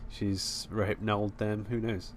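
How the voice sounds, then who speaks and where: A man's voice: on the low side, little pitch movement, unhurried. A man co-hosting a podcast, talking through a film plot in an easygoing, hesitant way, with many fillers. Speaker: podcast co-host. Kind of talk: casual film discussion.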